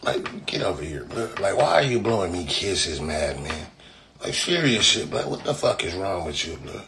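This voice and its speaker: A man's voice: low voice, very animated, normal speed, gravelly, background noise. A man hosting his own vlog, ranting in a profane, mocking way and laughing often. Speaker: vlog host. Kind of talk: casual comedic rant.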